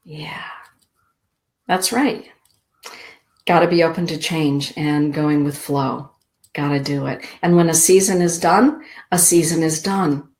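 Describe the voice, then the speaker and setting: Slow, soft-spoken spiritual woman host. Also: low voice, fairly even intonation. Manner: soft, slow, drawn-out inspirational delivery. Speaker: show host and card reader. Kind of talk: spiritual radio show, live card readings.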